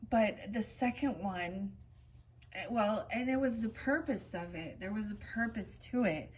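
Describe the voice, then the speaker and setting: A woman reading oracle cards in a casual spiritual vlog, switching between slow, gentle card readings and rambling chatty asides. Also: mid-range voice, a little hiss or hum. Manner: reads card meanings in a soft, slow cadence.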